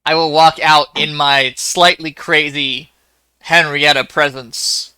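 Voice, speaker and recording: A man's voice: on the high side, little pitch movement, slow pace, pushed and bright, clear, resonant tone, dry recording. A man playing in an online tabletop game, joking and swearing freely with his friends. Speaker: player. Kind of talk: casual chat during an online tabletop game.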